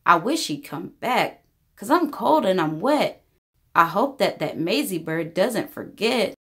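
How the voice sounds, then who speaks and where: A woman reading as a gentle faithful elephant, earnest, patient, lively pitch, storybook. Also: a little slow. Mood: glum. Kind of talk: storybook read-aloud.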